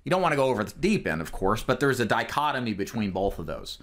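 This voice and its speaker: A man's voice: medium pitch, big pitch swings, quick pace, a bit bright. A man coaching a group of insurance agents in an instructional talk, speaking in a direct, emphatic way with plenty of fillers. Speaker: insurance sales trainer.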